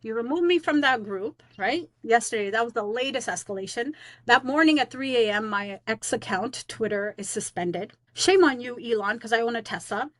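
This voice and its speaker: A woman with a fairly high voice vents straight to camera in a rambling, defiant vlog. Her talk is blunt and full of slang and fillers. The sound is dry and close, with no room echo. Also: lively intonation, normal speed, fairly bright tone. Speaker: teacher on leave. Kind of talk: casual vlog rant to camera.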